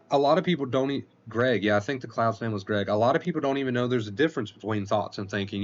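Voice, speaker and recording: A man with a lowish voice talks casually on a livestream as an anxiety coach. He explains things slowly, repeats his key points and reads chat messages aloud. The sound is dull and lo-fi. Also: slight background noise. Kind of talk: casual livestream advice talk.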